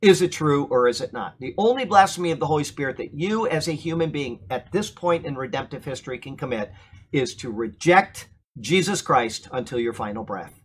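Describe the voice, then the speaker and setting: A man's voice: fairly high pitch, lively intonation, fairly quick, slight background noise. A middle-aged man, a pastor, teaching a Bible class in a church and checking with the room as he goes. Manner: emphatic, asks the class "okay?" often.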